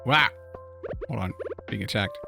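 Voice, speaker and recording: A man's voice: on the low side, animated, unhurried, vocal fry. Man thinking aloud over faint game music. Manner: thinks aloud while playing, reads game menus. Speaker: co-host streaming a game. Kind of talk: casual live-stream chat.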